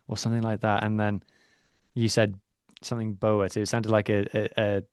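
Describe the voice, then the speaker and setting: A man's voice: lowish voice, steady tone, brisk, darkish tone, clear, resonant tone, dry recording, clean studio sound. A man co-hosting a podcast in playful, casual chat, laughing often. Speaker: podcast co-host.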